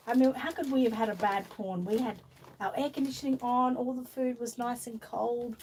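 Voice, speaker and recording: A woman's voice: a little high, steady tone, moderate pace, a little mellow, a little hiss or hum. Chatty Australian woman hosting a live stream. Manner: chatty, coaxing a doll in a fond sing-song voice; reads viewer comments aloud, laughs often. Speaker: vlog host. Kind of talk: casual live-stream chat.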